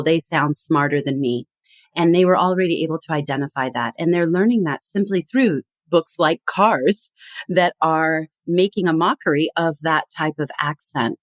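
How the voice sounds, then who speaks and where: A woman guest on a podcast, explaining with animated emphasis in a conversational tone. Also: low voice, normal speed, no room sound. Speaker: guest expert.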